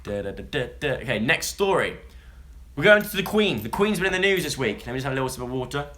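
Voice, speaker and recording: Young male vlogger, bright and forward tone, chatty and jokey, prone to tangents. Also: medium pitch, sing-song, quick pace. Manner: chatty, jokey, rambling asides. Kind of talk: casual chat, reading news stories to a live audience.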